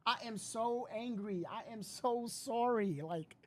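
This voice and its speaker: A woman hosting a casual livestream, frustrated and rambling loudly while thanking viewers. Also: a little high, a little slow. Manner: frustrated, loud, swearing, rambling. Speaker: livestream host reacting to a live stream.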